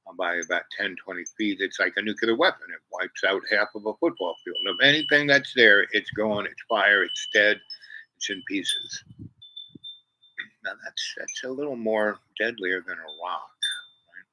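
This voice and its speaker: A man's voice: on the low side, normal speed, bright, forceful tone, no room sound, poor audio. A man rambling to camera in a meandering monologue, full of "you know" and restarts, sitting outdoors on a porch. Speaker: vlogger.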